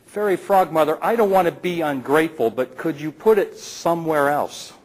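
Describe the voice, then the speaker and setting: Guy putting on a high pleading little frog, wants to be special, bit husky. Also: normal speed, close to an everyday voice, rough recording. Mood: eager. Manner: pleading and whiny. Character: whiny young male frog craving to be special.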